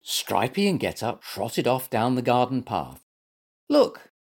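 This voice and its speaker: A man reading a children's story aloud as its storyteller, gentle and expressive. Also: mid-range voice, unhurried, slightly rough.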